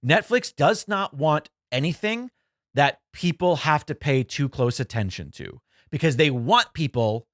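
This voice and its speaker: Male podcast co-host, casual and animated, with a lively, swooping delivery and dry, close sound. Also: a little high, measured pace, dry recording. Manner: animated, swearing, self-mocking asides. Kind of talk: casual chat.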